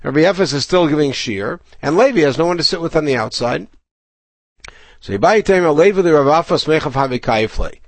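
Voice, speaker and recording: A man with a slightly higher voice and a gravelly edge teaches a Talmud class. He reads each Aramaic passage aloud, then stops to explain it in plain English, often restarting his sentences. The sound is close and dry. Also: animated, brisk, dry recording.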